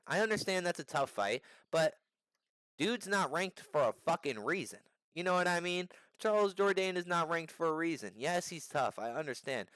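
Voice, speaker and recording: A young man casually breaking down upcoming fights, animated and slangy, swearing and restarting sentences. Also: on the high side, dry recording. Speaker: MMA fight predictor.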